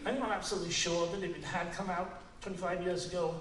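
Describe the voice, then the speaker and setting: High-voiced older man in an echoey theater. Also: fairly even intonation, fairly bright tone. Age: 60s. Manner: halting, with many restarts and repeated words; earnest and reflective, with bursts of laughter. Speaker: guest filmmaker at a screening Q&A. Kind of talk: live on-stage conversation. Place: cinema auditorium in front of an audience. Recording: echoey, noisy room, picked up from a distance.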